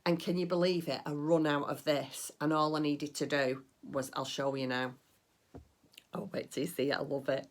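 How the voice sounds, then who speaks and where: A woman's voice: low-pitched, little pitch movement, normal speed. A middle-aged woman chatting casually about her crafting at home, rambling and gushing with delight. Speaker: crafting vlogger. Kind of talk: casual chat.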